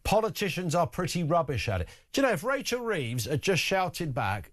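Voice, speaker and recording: Lively wry radio host man. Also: sits high, normal speed, few pauses. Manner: animated, wry, chatty asides. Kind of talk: talk radio phone-in.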